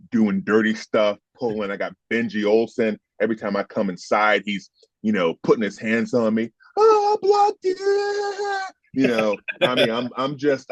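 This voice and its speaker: A man in his fifties from the United States, once a football player, tells stories in an interview with emphatic, heated energy and the occasional curse. His voice sits on the low side. The recording is dry and slightly dull, with no echo.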